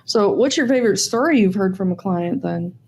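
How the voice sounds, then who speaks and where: A woman's voice: medium pitch, animated, a little fast, creaky, darkish tone, husky. A woman hosting an interview, asking questions and giving short encouraging replies. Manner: brief encouraging backchannels. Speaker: interview host. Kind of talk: casual interview.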